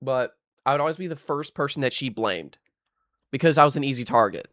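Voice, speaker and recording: A man's voice: medium pitch, expressive, brisk, a bit bright, no room sound, studio quality. A young man telling a rambling, aggrieved storytime rant while gaming, swearing and restarting his sentences often. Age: young adult. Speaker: gaming vlogger.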